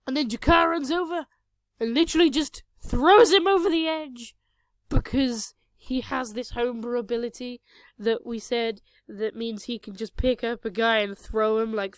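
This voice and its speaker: High-voiced young woman telling a game story. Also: no room sound. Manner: rambling, self-mocking, crude jokes. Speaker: storyteller recounting a tabletop game. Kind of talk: casual narrated storytelling. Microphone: cheap home microphone.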